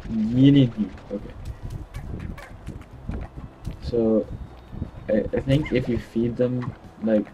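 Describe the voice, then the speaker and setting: Young male gaming host, giggly and stammering, unhurried delivery, light background noise. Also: lowish voice, muffled recording. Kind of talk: casual gameplay commentary.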